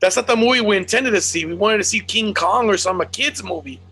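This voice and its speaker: A man's voice: high-pitched, quick pace, sharp tone, slightly rough. A man, a comedian, chatting casually and profanely on a podcast, slipping into Spanish and laughing as he tells a story. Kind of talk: casual chat.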